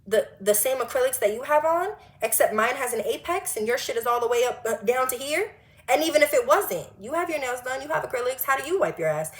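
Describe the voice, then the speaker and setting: A woman of twenty telling a storytime monologue, animated and blunt, swearing freely and firing off rhetorical questions. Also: sits high, brisk. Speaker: vlogger.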